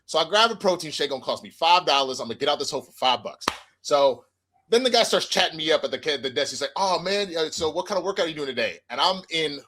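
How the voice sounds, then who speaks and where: A young man tells a story on a casual podcast, playing every part himself. His voice is bright and sits a little high, and he swears freely as he goes. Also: fast talker. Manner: animated storyteller acting out dialogue, swears freely. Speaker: podcast co-host.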